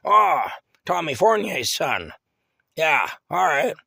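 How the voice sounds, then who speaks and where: A crotchety old woman, nearly blind and quick to curse, voiced by a man telling the story. She yells loud and high-pitched to be heard across her kitchen. The sound stays dry and close. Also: sing-song, creaky, slightly rough, no room sound, exaggerated voice. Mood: brusque. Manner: yelling, cursing, brusque.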